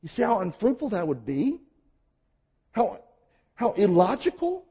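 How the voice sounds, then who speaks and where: A male pastor delivering a sermon, his voice sitting high and swinging widely in pitch. There is a husky edge to it as he presses his points with emphatic rhetorical questions. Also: huge pitch swings, unhurried, mellow.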